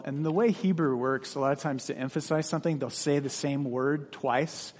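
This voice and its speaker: A man's voice: mid-range voice, normal speed, hardly any pauses, darkish tone. Guy pastor giving a sermon, reads the bible passage then just talks it through, lots of hall echo. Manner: reads scripture then explains in plain conversational asides. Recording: long hall reverb.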